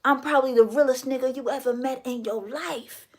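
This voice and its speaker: Female livestream host, slightly high pitch, forceful sermon-like confrontational delivery. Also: brisk. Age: adult. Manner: emphatic, preachy, confrontational. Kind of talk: livestream monologue.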